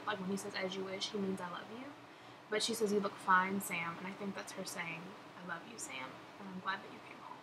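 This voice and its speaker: Young woman, casual vlog chat, gushing and giggly, mid-pitch, noisy background. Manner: chatty, laughing, gushing. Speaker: vlogger answering follower questions. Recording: background noise.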